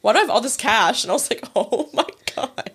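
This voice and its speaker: A woman's voice: a little high, animated, brisk, a bit bright, husky. A woman in her twenties telling a story in casual chat, swearing freely and acting out what others said. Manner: chatty, swears freely, acts out quoted voices.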